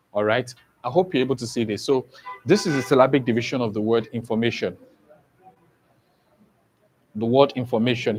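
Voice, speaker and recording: A man's voice: mid-range voice, a little mellow, rough recording. A man teaches an online exam-prep lesson at an easy pace. He repeats each point several times and keeps checking that his students follow. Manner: slow, repetitive explaining with frequent "okay?" checks.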